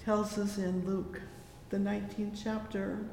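A man preaching a sermon, slow and fervent, constantly breaking in with "oh yes" and "oh my". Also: flat delivery, a little mellow. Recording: echoey hall with low rumble.

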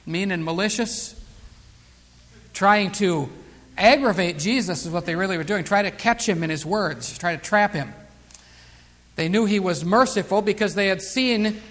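A preacher, a man with a high voice, delivering a sermon in a church. He drives his points home with emphasis, then drops to a near-hush when telling a story. The sound carries a long reverb, like a large hall.

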